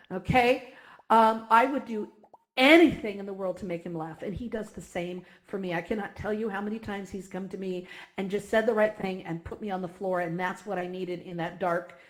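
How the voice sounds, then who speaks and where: A woman giving a heartfelt, emotional talk to a virtual reality community, speaking effusively and close to tears at times. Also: mid-range voice.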